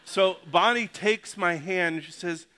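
A man's voice: high-pitched, unhurried, noisy background. A middle-aged male pastor giving a casual, joking sermon that often addresses the congregation directly.

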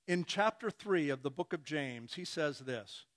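A man preaching in a high, lively voice that swoops up and down. He talks slowly and deliberately, acting out little back-and-forth exchanges and chuckling between his points. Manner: animated, acts out imagined dialogues. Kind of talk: sermon.

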